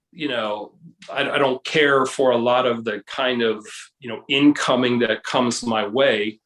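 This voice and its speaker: A man's voice: medium pitch, fairly bright tone, reverberant, poor audio. A man guest in a casual video chat, explaining at length with many restarts and hesitations. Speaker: guest, case researcher.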